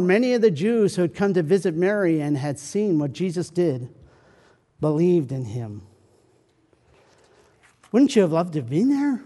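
A man preaching a sermon, swinging from loud pleading questions to soft, hushed comfort. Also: sits high, long reverb tail.

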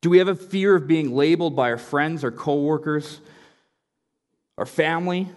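A man's voice: fairly high pitch, moderate pace. A man, a youth pastor, preaching a sermon in a conversational, storytelling way. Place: church sanctuary. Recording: reverberant church hall.

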